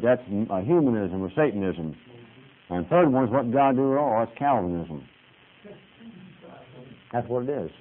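Folksy preacher guy, plain talk, gets emphatic, tinny phone-like sound with a bit of hiss. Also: medium pitch. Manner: folksy, plain-spoken, rising emphatic peaks. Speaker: pastor. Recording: tinny hissy lo-fi recording.

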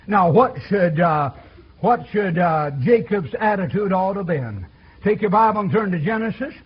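A man delivers a folksy sermon, repeating himself and calling out to the congregation. His voice sits high and husky, rising and falling widely. The recording is dull and lo-fi, like an old church tape. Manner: folksy, repetitive call-and-response preaching. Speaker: preacher.

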